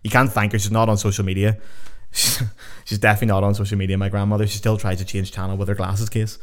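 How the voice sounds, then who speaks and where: A man's voice: on the low side, little pitch movement, fast talker. A young Irish man hosting his own podcast, talking casually and rambling, swearing freely. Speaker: podcast host. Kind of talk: casual solo podcast chat.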